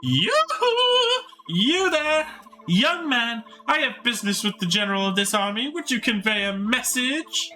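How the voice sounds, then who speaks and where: Vain female mage for a game let's-play , a man voicing her: bright, high and haughty. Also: very animated, measured pace, faint music behind, exaggerated voice. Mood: vain flirty. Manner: haughty, preening, teasing.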